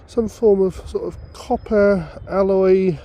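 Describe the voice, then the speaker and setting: A man's voice: high-pitched, steady tone, takes it slowly, mellow. A man chatting upbeat to viewers while he works outdoors in a field. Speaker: metal detecting vlogger. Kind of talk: casual outdoor vlog commentary.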